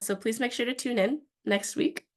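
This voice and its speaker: A woman's voice: fairly high pitch, moderate pace. A woman co-hosting a casual podcast as practice manager, talking in an effusive, gushing way with frequent restarts.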